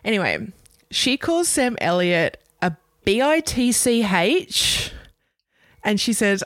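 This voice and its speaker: A woman's voice: mid-range voice, big pitch swings, slow pace, a bit bright, no room sound, clean studio sound. A woman with an Australian accent co-hosting a casual pop culture podcast, talking in a chatty way with lots of fillers. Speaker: podcast co-host.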